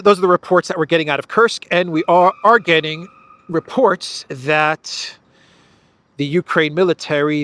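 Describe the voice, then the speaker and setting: A man's voice: fairly high pitch, fairly bright tone, clear, resonant tone, no echo. Sarcastic American man commenting on news. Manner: speculative, sarcastic, repeats words while thinking. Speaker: political commentator host.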